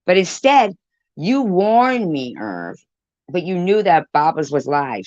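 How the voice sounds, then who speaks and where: A woman's voice: fairly low pitch, very animated, slow, a little mellow, no room sound. A woman livestreaming a heated, profane rant, snapping back at people in her chat. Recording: dull lo-fi stream audio.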